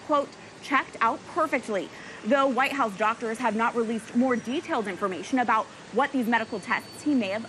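A woman anchoring a news program, reading scripted reports in a clear, measured delivery. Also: fairly high pitch, a bit bright, a little hiss or hum, rough recording.

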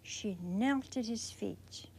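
A woman teaching scripture in a folksy, animated storytelling manner, acting out the quotes she tells. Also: fairly high pitch, slow, gravelly, a little hiss or hum. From Italian heritage. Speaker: religious teacher. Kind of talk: televised sermon talk.

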